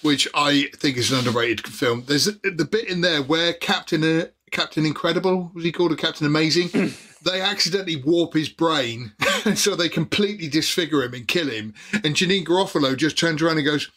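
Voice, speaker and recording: A man with a bright, slightly high voice, chatting on a podcast. He tells stories loosely and keeps breaking into laughter as he goes. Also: a little fast. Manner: laughs often while telling anecdotes. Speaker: podcast co-host. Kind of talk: casual podcast chat.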